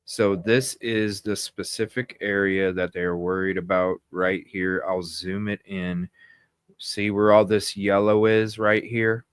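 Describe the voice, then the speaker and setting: A man's voice: sits low, level tone, takes it slowly, smooth, no room sound, clean studio sound. A man hosting a live news stream, talking in agitated, indignant bursts that ramble with restarts.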